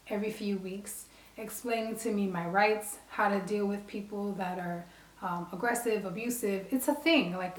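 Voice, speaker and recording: Woman vlogger from the Bronx, lively storytelling to camera, echoey room. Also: mid-range voice. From Bronx, New York. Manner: animated, acts out quoted dialogue. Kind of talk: casual storytelling. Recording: roomy echo.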